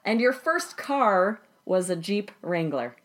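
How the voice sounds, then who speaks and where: A woman's voice: mid-range voice, sing-song, slow pace, fairly bright tone. A woman in her thirties hosting a parenting podcast in casual chat, upbeat and laughing often. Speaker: podcast host.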